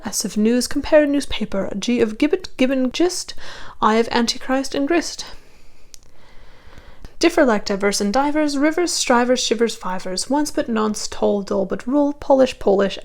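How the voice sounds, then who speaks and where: A woman with a Midwestern American accent, a linguist, reading a poem carefully and deliberately, then chatting casually to her viewers. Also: on the high side, vocal fry. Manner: careful, deliberate reading with slowed-down tricky words. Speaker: linguist and channel host.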